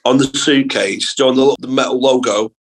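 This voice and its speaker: A young man from England, a comedian guest telling sweary, animated school anecdotes in casual podcast chat. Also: mid-range voice, fast talker, husky, rough recording.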